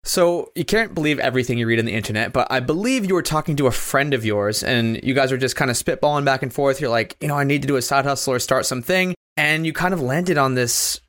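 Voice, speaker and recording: A man's voice: medium pitch, quick pace, few pauses, fairly bright tone. A man hosting a podcast who sets up each question with a loose, friendly lead-in. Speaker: podcast host. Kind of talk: casual interview questions.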